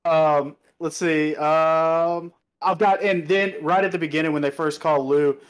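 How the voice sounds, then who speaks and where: Guy on a sports podcast, kinda high voice, lots of uh and you know. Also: steady tone, measured pace. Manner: hesitant, filler-heavy. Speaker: podcast co-host. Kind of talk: casual sports chat.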